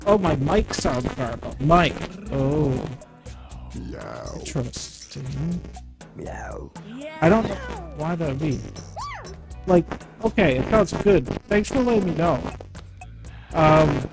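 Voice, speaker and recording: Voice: mid-range voice, expressive, slow pace, long pauses, poor audio. A streamer chatting casually while gaming, rambling and joking and reading chat aloud. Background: game music.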